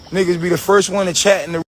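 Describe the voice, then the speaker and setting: A man's voice: sits high, steady tone, fairly quick. A man hosting a livestream, delivering a profane, aggressive, preachy rant full of repetition. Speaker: livestream host.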